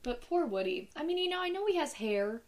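A young woman co-hosts a casual movie podcast, her voice sitting a little high. She tells stories with lively animation and laughs often. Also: fairly quick. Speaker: podcast co-host. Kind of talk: casual movie-review chat.

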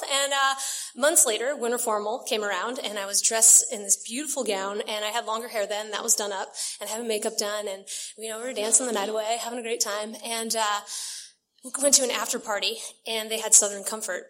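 A woman's voice: on the high side, fairly quick, fairly bright tone. A young woman from San Diego telling her recovery story at a meeting in a chatty way, laughing often and using many fillers. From San Diego, California. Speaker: AA meeting speaker.

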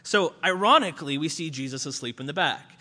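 A man preaching a conversational sermon, casual and animated with many fillers. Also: on the high side, fairly quick, in a large hall.

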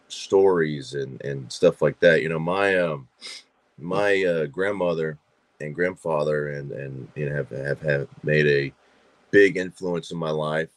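A man's voice: very deep voice, no echo. A man from Georgia, a guest on a podcast, telling stories in casual chat with lots of fillers and repeated words. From Georgia, USA. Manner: chatty storyteller, frequent fillers and repeats. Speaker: podcast guest, actor and filmmaker.

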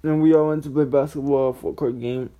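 A man's voice: medium pitch, steady tone, fairly quick, warm tone. Rambling, profane eighteen-year-old guy. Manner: rambling, profane, full of "like" and restarts. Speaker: storyteller. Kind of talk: casual storytime monologue.

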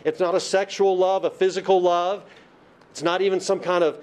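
A male preacher delivering a Bible-study sermon in a slightly higher-than-usual voice. He drives his points home by repeating key phrases, then asks questions aloud and answers them himself. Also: level tone, moderate pace, a little mellow, smooth.

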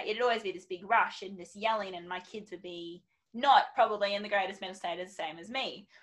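A woman's voice: mid-range voice, a bit bright, poor audio. Chatty woman. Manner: chatty and candid, many ums and quoted asides. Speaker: guest. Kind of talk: casual podcast chat.

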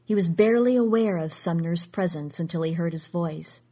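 Husky, low-voiced woman reading a story. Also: normal speed, warm tone. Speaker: narrator. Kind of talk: scripted story narration.

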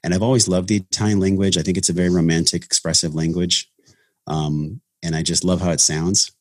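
A man's voice: sits low, level tone, brisk, darkish tone, dry recording, clean studio sound. A man talking earnestly about his path into breath work in a casual podcast conversation, with many restarts. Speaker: breathwork facilitator, podcast guest.

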